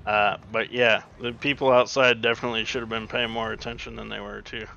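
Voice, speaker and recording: A man streaming, chatting casually and rambling with many pauses and fillers. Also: on the low side, level tone, gravelly, pushed and bright, a little hiss or hum. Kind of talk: casual chat. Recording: dull lo-fi mic.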